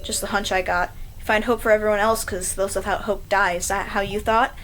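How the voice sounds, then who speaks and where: A woman's voice: mid-range voice, steady tone, fairly quick, fairly bright tone, a little hiss or hum, natural voice, poor audio. Mocking young man's hallucination, read by a woman; smug, taunting.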